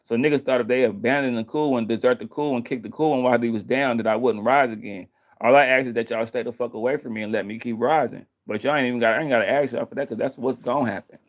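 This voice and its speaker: Male vlogger, emphatic and profane, hammering points over and over in a mid-range voice. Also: medium pitch. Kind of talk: heated casual rant to viewers.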